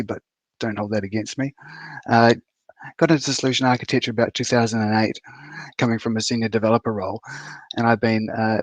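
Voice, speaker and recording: Male speaker, fifties, low voice, dry close sound, relaxed presenter with lots of "uh"s. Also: no room sound. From New Zealand. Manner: casual, many fillers and restarts. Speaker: conference speaker. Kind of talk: conference talk presentation. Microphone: video call.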